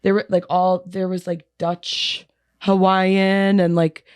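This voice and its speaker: A woman's voice: fairly low pitch, little pitch movement, slow, clean tone, no echo, clean studio sound. A young woman co-hosting a podcast in a laid-back casual chat, laughing often and using many fillers. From New York area. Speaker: podcast co-host.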